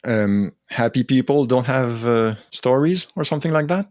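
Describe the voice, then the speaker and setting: Measured male podcast host. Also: medium pitch, expressive, a little mellow, no echo, clean studio sound. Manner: measured, thoughtful questioning. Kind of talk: interview questions.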